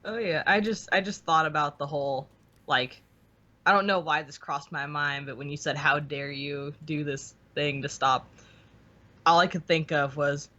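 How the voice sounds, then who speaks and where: A man's voice: on the high side, fairly even intonation, moderate pace, pushed and bright. A man co-hosting a casual stream chat, laid-back and mostly giving short agreeing replies. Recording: dull lo-fi sound.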